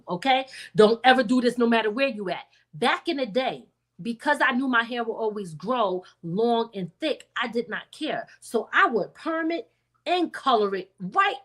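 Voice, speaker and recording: Chatty high-voiced middle-aged woman host. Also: fairly bright tone. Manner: chatty, direct address with folksy asides. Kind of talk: casual chat.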